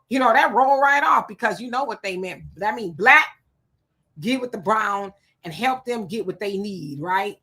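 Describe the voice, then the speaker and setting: A middle-aged woman hosts a livestream from her home setup. Her voice is bright and clear, with a chatty manner as she reads viewer comments aloud and greets each person by name. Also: medium pitch, animated, normal speed. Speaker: livestream host. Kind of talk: casual livestream chat reading viewer comments. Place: home room. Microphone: home streaming setup.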